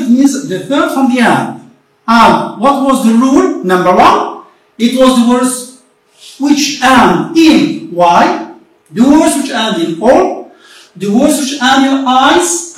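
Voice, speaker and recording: A woman teacher giving a remote English lesson, explaining slowly and deliberately and repeating herself often. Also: fairly high pitch, lively intonation. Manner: slow, deliberate explaining with frequent repetition. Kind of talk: recorded remote classroom lesson. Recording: very echoey room, voice far from the mic.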